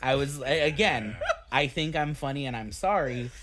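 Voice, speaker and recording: A man's voice: mid-range voice, a bit bright. A man, a band member on a casual podcast, telling stories in a joking, self-deprecating way with lots of fillers. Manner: self-deprecating, quick jokes, filler-heavy.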